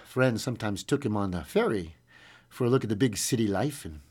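A man's voice: lowish voice, animated, fairly quick, husky. A man hosting a show, reading a story aloud and breaking off into folksy, playful asides. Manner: folksy, playful ad-libs between read passages. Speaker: radio host reading a book aloud.

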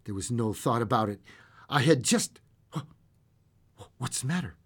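A man's voice: mid-range voice, expressive, unhurried, fairly bright tone, slightly rough, full character voice. A man doing an older husband, insistent and shaken. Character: older husband, stubborn then dazed.

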